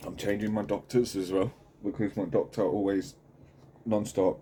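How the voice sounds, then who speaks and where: A man speaking candidly in a video diary, halting and full of swearing, sitting at home. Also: on the low side, fairly even intonation, dark tone, a little hiss or hum. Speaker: channel host.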